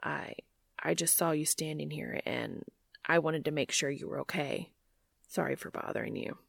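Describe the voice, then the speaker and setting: A woman voicing a soft-spoken, weary young man, quiet and hesitant, in a lowered voice. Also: normal speed, vocal fry, breathy edge, no room sound, studio quality, exaggerated voice. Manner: hushed and hesitant, low and quiet.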